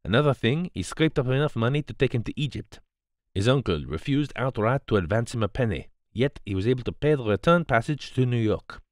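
A man voicing a calm, precise male detective who explains in a placid, grave, measured way. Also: mid-range voice, no room sound, clean studio sound, natural voice.

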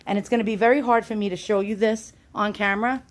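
A woman's voice: medium pitch, fairly even intonation, quick pace. A woman giving a casual home how-to demonstration while filming on a handheld phone, chatty and self-deprecating with plenty of fillers. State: out of breath at times. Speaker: YouTube channel host.

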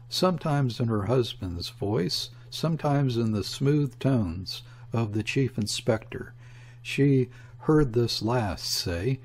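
A man narrating a classic novel in a slow, measured audiobook reading. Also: medium pitch, a little mellow.

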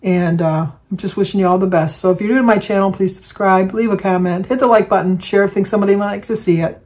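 A woman's voice: medium pitch, steady tone, fast, darkish tone. Older woman, vlogger, casual storytelling, rambling, restarts sentences. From Michigan, United States.

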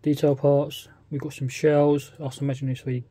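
A man's voice: on the high side, flat delivery, moderate pace, mellow, husky, no echo. A man with a British accent, casually talking through a model kit unboxing, often hesitant and thinking aloud. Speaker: scale model kit reviewer.

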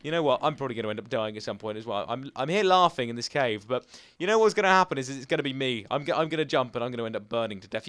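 A young man giving chatty, excitable commentary over his own gameplay as host of a gaming channel. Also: mid-range voice, rapid-fire, few pauses, clear, resonant tone, no room sound, clean studio sound.

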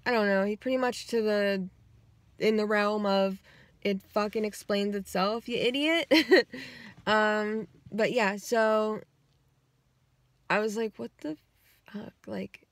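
Casual woman vlogger, rambling, animated quoting, dry close sound, car. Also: medium pitch, takes it slowly, pauses often, no room sound. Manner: rambling and animated, acts out quotes, swears freely. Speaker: vlogger retelling her dreams. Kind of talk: casual storytelling. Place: inside her car.

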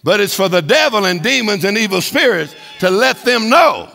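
A man preaches with a high, bright voice that swoops up and down and carries a gravelly edge. He is emphatic and swells into shouted declarations. His voice rings with a long reverb from a large hall. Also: big pitch swings, moderate pace, soft background music. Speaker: guest preacher. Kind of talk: sermon.

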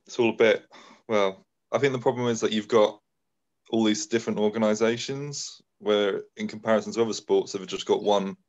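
A man from England, a guest, talking in a hesitant, measured way during casual chat. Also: fairly low pitch, steady tone, dull audio. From Reading, England.

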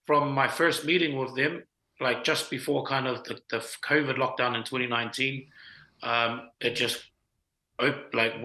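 With a medium-pitched, pushed and bright voice, this man from New Zealand chats casually as an interview guest. A film writer and producer, he recounts his story in relaxed slang with lots of fillers, recorded with a roomy echo.

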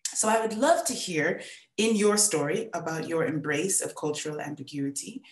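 A woman teacher gives a student gentle feedback on her storytelling, encouraging and full of restarts. Her voice sits fairly low. The room around her echoes. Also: normal speed. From born in England, raised in the United States. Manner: warm, encouraging, repeats words. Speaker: writing workshop teacher.

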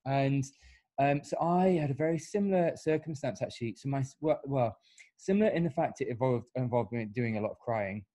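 A man hosting a podcast, earnest and halting, restarting his words often. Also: medium pitch, warm tone. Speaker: podcast host, former paramedic. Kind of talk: casual conversational interview.

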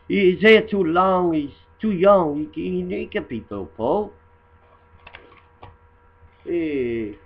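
Guy doing a rude rambling dude, broken english, husky voice, muffled lo-fi home audio. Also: sits high. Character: crude, rambling immigrant guy mocking photos. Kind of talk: comedy satire monologue.

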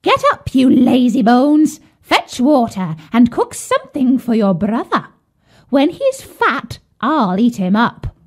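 A woman voicing a cruel, greedy old witch in a storybook, shrill and jeering, snapping out orders. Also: big pitch swings, slow pace, exaggerated voice. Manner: shrill, jeering, bossy shouting.

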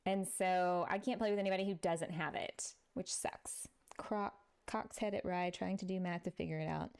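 A woman's voice: fairly low pitch, steady tone, normal speed, darkish tone, clear, resonant tone. A middle-aged woman from Texas with a Texan accent, chatting casually and laughing often while streaming a building game to her viewers. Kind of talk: casual gameplay chat with live chat.

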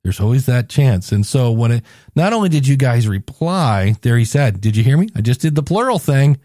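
A man's voice: mid-range voice, very animated, normal speed, warm tone, dry recording, studio quality. A man hosting his own podcast, chatty and jokey, acting out little scenes as he talks. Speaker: podcast host. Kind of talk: solo podcast talk.

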